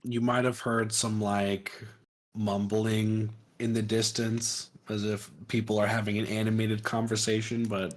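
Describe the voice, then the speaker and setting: A man narrating as game master for a tabletop role-play. His voice sits fairly low and his delivery is dry and plain. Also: flat delivery, measured pace.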